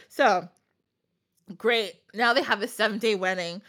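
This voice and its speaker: A woman's voice: medium pitch, a little slow, pauses often, a bit bright. A woman casually retelling a folktale on a podcast, chatty, with jokey asides and frequent laughter. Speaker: podcast storyteller.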